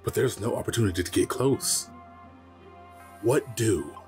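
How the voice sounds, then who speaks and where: A man co-hosts a let's play, needling his partner in a teasing, animated way while he reads the game's questions aloud. His pitch swings widely, and soft music hums in the background. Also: measured pace. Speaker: co-host of a let's play channel. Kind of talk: casual gameplay chat, reading game text aloud.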